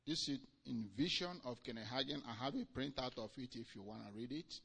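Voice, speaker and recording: A male preacher delivering a sermon with emphatic swings between loud declarations and quiet asides. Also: mid-range voice, brisk, creaky, hardly any pauses, breathy edge.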